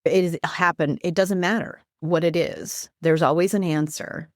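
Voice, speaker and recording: A woman guest who is a life coach and minister, talking earnestly about faith and quoting scripture in an animated, preacherly way. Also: lowish voice, moderate pace, dry recording, studio quality. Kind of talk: earnest faith-based teaching in conversation.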